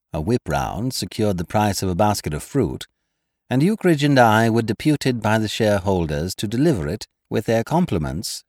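Male storybook narrator, low voice with lots of lilt, dry close sound. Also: a little mellow, no room sound. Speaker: reader. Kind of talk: scripted narration.

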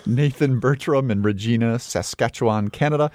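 A man's voice: lowish voice, expressive, brisk, a little mellow, no room sound, clean studio sound. A man co-hosting a film podcast, joking in a wry, easygoing way. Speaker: podcast co-host. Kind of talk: casual chat.

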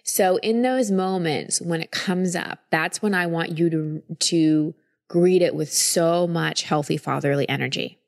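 A woman hosting a podcast, calmly explaining and guiding a guest through a coaching conversation. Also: on the low side, a little slow, gravelly. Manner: calm, explanatory, reassuring.

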